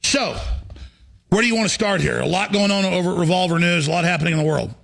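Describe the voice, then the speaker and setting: A man hosting a talk radio show, ranting in a heated, forceful monologue. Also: high-pitched, fast talker, creaky.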